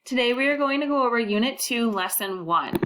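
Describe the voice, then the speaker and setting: A woman teaching a recorded first-grade phonics lesson, modeling sounds clearly and prompting children to repeat after her. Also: fairly high pitch, lively intonation, brisk, fairly bright tone, a little hiss or hum.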